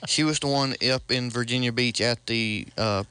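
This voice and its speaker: A man's voice: mid-range voice, moderate pace, pushed and bright, clean tone, no room sound. A man co-hosting a radio show, easygoing and hesitant, with lots of fillers. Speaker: radio co-host. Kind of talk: casual radio banter.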